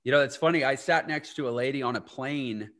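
A podcast host with a medium-pitched, slightly bright voice talks a little fast. In a casual conversational interview, he tells rambling anecdotes and often interrupts himself.

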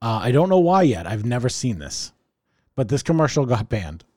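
A man's voice: medium pitch, very animated, normal speed, dark tone, no room sound, clean studio sound. A man co-hosting a casual podcast chat, rambling through explanations with lots of fillers. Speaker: podcast co-host.

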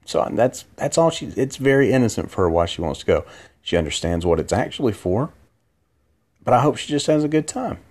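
Drowsy deep-voiced man rambling. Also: expressive, a little fast, darkish tone. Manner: rambling, drowsy storytelling with many restarts. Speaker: podcast host. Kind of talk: late-night casual monologue. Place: in bed at home.

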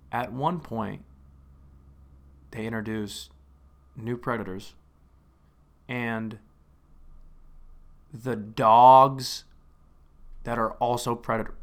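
A young man hosting a casual comedic rant, animated and exasperated, with frequent swearing. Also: medium pitch. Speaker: host.

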